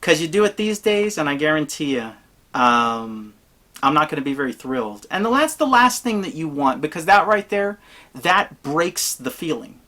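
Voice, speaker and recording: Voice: mid-range voice, very animated, moderate pace, bright, forceful tone. A tabletop role-playing gamer giving casual advice in a blunt, emphatic, rambling way.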